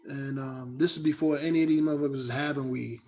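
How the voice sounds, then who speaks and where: A middle-aged man, a guest rapper, telling animated, slangy stories in a casual interview and acting out other people's voices. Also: mid-range voice, fast. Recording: dull lo-fi sound.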